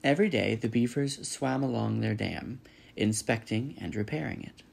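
A man's voice: mid-range voice, normal speed, creaky. A man reading a children's novel aloud, narrating steadily. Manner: steady storytelling. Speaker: reader.

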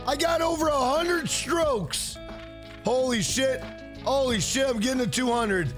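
A man hosting a casual livestream, loud, profane and joking as he reads chat aloud. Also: extremely high pitch, lively intonation, unhurried, faint music behind. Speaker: livestream host.

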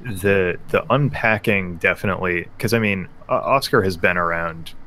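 Deep-voiced hesitant male player. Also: sharp tone, slight background noise. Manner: hesitant, halting speech. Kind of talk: casual tabletop role-play.

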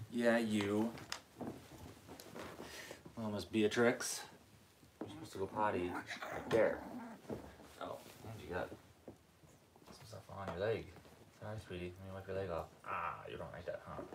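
A dog breeder hosts a casual livestream from his living room, greeting viewers by name in a loose, rambling way and cooing and baby-talking to puppies, jumping into a high voice. He speaks at normal speed with vocal fry and long pauses. The roomy space echoes, and the background is noisy.

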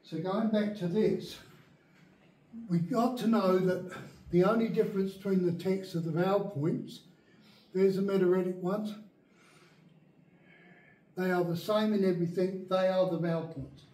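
A man's voice: sits high, steady tone, a little slow, pauses often, warm tone. A man teaching an adult Bible class, emphatic and often checking that his listeners follow along. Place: church meeting room. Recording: very echoey room, speaker far from mic.

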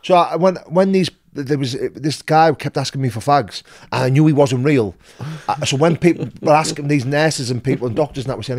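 A man's voice: a little high, fast talker, a little mellow. A young man with a Northern English accent, telling a wild story as a podcast guest, swearing, laughing and repeating his words. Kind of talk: casual storytelling.

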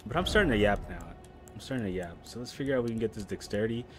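A man streaming a game live, chatting casually and rambling between loud, excited reactions to the play. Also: fairly low pitch, rapid-fire, faint music behind. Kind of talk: casual live gameplay chat.

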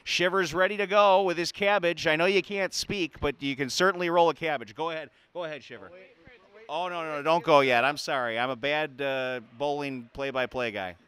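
A man's voice: a little high, a little fast, fairly bright tone, smooth, dry recording. Playful man doing bowling play-by-play. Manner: playful, chatty, laughs often. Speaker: sports show host. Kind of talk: joking play-by-play commentary. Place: indoor arena.

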